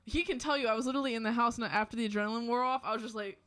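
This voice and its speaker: A woman co-hosting a casual podcast, telling a story with laughs and animated delivery. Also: fairly high pitch, rapid-fire. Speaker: podcast co-host. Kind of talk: casual chat.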